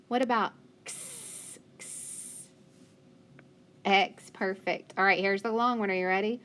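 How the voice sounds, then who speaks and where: With a slight hiss or hum in the background, a woman speaks in a mid-range voice. She's a teacher running a phonics lesson for young kids, asking them questions, praising their answers, and staying patient and encouraging throughout.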